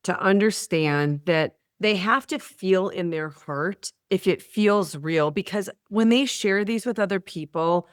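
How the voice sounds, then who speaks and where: A woman's voice: mid-range voice, unhurried, few pauses, clear, resonant tone, dry recording, studio quality. A woman hosting an interview, speaking earnestly and affirming her guest. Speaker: podcast host. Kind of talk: interview conversation.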